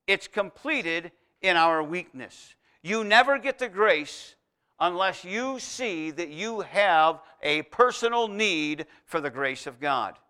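A male pastor preaching a sermon. He builds emphatic repeated phrases, then drops to a soft, intimate tone. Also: fairly high pitch. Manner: preaching with rising, emphatic repetition.

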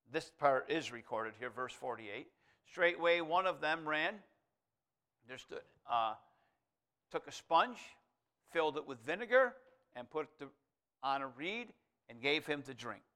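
A man's voice: a little high, lively intonation, unhurried, long pauses. Man preaching with rising fervor. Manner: swings from quiet aside to loud emphatic proclamation; reads scripture aloud in King James wording. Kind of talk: sermon.

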